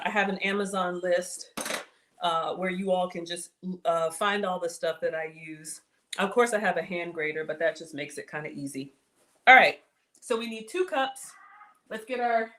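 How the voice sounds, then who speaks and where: A woman's voice: mid-range voice, a bit bright. Woman, cooking livestream host, home kitchen, chatty, folksy, faint background noise. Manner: chatty, reads viewer comments aloud, folksy. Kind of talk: casual cooking livestream chat.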